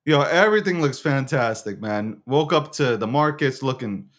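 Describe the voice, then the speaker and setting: A man's voice: mid-range voice, animated, normal speed, fairly bright tone. A man hosting a casual crypto market monologue, slangy and swearing, who keeps breaking into fits of giggles. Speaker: host of a crypto news show.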